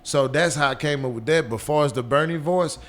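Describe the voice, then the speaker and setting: A man with a deep voice, chatting casually as a guest and repeating words as he rambles. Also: brisk, a bit bright. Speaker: guest actor and comedian. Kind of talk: casual chat.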